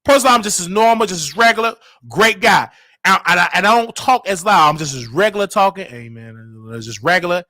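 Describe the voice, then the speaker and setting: A man hosting a casual live show, talking in an animated, sing-song way that swings from loud outbursts to hushed asides, with a Southern US accent. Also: high voice, brisk, dry recording. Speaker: host. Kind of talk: casual livestream talk.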